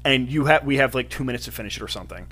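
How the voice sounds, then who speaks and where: A man's voice: medium pitch, expressive, sharp tone, husky. A young man in casual podcast chat, telling joking stories and calling people dude. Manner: quick joking storyteller, says dude a lot.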